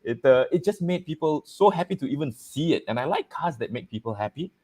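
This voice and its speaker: A man hosting a casual chat show, talking in an animated, jokey way and often laughing. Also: on the high side, a little fast. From Malaysia. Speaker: host.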